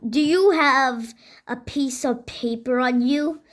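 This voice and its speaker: A panicky young boy from a storybook, played by a woman, yelling orders and shrieking in alarm. The voice sits high and the reading moves slowly. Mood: urgent. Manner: shouty, exclaiming in alarm.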